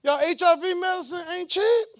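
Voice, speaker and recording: A man preaching a lively sermon in church, with joking, mocking asides to the congregation. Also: very high voice, moderate pace. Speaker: pastor.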